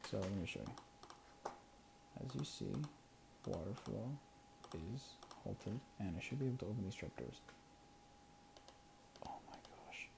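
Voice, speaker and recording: A creator mutters casually over gameplay, counting under their breath, chuckling, and sometimes whispering. Their voice sits low and sounds animated but a little slow, with vocal fry and long pauses. The background is noisy.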